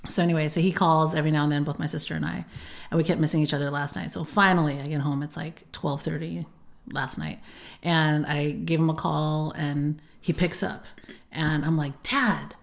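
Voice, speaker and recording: A woman co-hosting a casual chat podcast, telling a lively story and doing impressions. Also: deep voice, fairly quick, gravelly. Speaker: podcast co-host.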